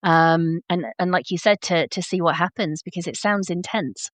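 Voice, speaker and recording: A woman's voice: lowish voice, normal speed, no room sound. A woman hosting a podcast interview, talking conversationally with fillers like um and kind of. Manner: conversational, with kind ofs and ums. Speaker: podcast host.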